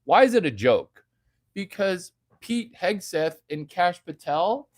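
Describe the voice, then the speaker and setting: A man's voice: sits high, lively intonation, a little slow, no room sound. A man hosting a livestream, reading chat aloud and riffing on it in a provocative, mocking way. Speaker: livestream host.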